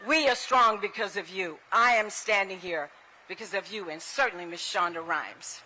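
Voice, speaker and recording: Bright-voiced woman giving a lively tribute. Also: medium pitch, normal speed. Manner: animated storytelling, acts out quoted voices. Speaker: ceremony speaker giving a tribute. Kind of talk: public tribute speech. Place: outdoor ceremony.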